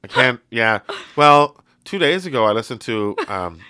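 A man hosting a podcast, talking in a loose, rambling way full of "like" and "um." His voice is bright and forward, and it is heard dry and close. He keeps it casual and jokey. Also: medium pitch, expressive, normal speed, smooth, no room sound. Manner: rambling, filler-heavy, jokey. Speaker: podcast host. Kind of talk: casual chat.

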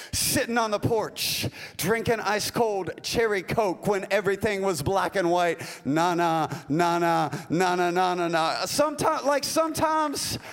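A male pastor delivering a folksy, animated sermon, acting out little asides as he goes. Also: extremely high pitch. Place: church sanctuary. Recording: long reverb of a large hall.

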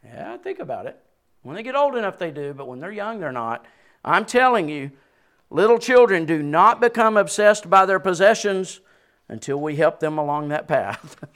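Animated preaching man in his sixties. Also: high voice, moderate pace. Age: 60s. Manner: animated preaching with sudden rises and drops; chuckles between points. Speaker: pastor. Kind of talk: sermon.

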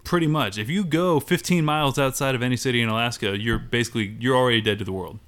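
A man's voice: medium pitch, fast talker, fairly bright tone. A man co-hosting a podcast in casual chat, rambling with lots of fillers and jokes. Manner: joking, rambling, filler-heavy. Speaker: podcast co-host.

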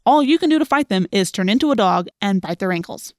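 A woman's voice: medium pitch, fairly quick, darkish tone, no room sound, clean studio sound, lightly acted. Sarcastic teenage boy, wisecracking, voiced by a woman narrator, storybook read. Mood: mocking.

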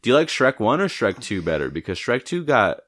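A man's voice: mid-range voice, big pitch swings, a little fast, a bit bright. A young man co-hosting a podcast, chatting casually about movies, rambling and swearing with a joking tone. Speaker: podcast co-host. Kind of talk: casual chat.

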